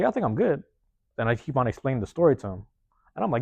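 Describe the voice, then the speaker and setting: A man hosting a podcast, telling a personal story in a rapid, profane, casual way and acting out the lines of the people in it. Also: medium pitch, vocal fry, slightly rough, no echo. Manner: profane, rapid, animated retelling with acted-out quotes. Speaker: podcast host.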